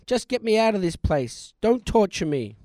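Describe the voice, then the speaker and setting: A man's voice: high-pitched, very animated, moderate pace, warm tone, no room sound, pitched above the performer's own voice. A man voicing a bitter, miserly old man who grumbles indignantly, in a comic stage play.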